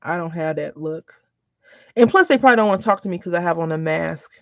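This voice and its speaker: Woman, rambling crafting vlogger, gravelly fry, dry dull lo-fi sound, chats through stories. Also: on the low side, animated, quick pace, no echo. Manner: chatty, rambling, tells anecdotes. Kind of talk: casual chat while crafting. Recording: dull lo-fi recording.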